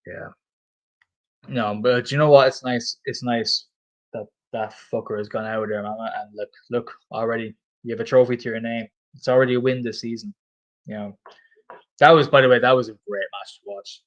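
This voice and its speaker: A man's voice: mid-range voice, steady tone, normal speed, low-quality recording. A man chatting casually on a livestream, reading out viewer comments, swearing freely and repeating himself. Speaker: stand-in livestream host.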